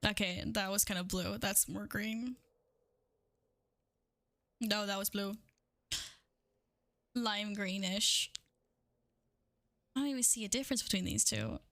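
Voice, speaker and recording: A woman's voice: mid-range voice, lively intonation, takes it slowly, pauses often, fairly bright tone, no echo. A woman livestreamer in casual chat, overwhelmed and shaking, gushing thanks between swearing and laughter, on a studio microphone. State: shaking with excitement. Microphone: studio microphone with windscreen.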